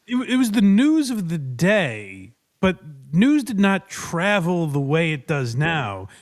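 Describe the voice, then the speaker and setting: High-voiced podcast guy, super animated, swears a lot. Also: takes it slowly. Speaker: podcast co-host. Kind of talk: casual comedy podcast chat.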